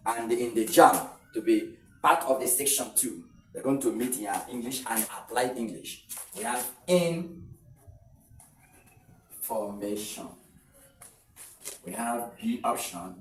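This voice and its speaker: A man's voice: medium pitch, slight background noise. A man teaching English stress rules for exams, explaining step by step and often repeating words. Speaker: English tutor. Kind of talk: exam-prep lesson. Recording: echoey room, mic at a distance.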